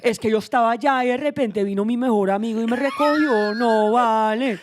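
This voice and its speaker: A woman's voice: a little high, fast, background noise, lightly acted. A woman voicing a woman who tells a mundane story in Venezuelan-accented Spanish as if it were a tragedy. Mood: tragic. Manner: mournful, dramatic storytelling in Spanish.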